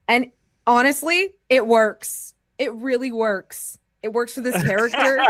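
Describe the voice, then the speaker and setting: A woman's voice: a little high, unhurried, fairly bright tone, dry recording, clean studio sound. An American woman gushing with praise in casual chat after a tabletop game, with lots of "like" and restarts. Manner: effusive, gushing praise with frequent "like".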